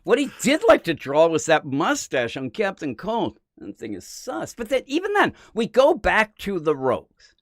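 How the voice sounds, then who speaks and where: A man co-hosting a comic book podcast, chatting casually, acting out characters in quick voices and swearing freely. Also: high-pitched, wildly swooping pitch, dry recording, studio quality. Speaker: podcast co-host. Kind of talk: casual comic review chat.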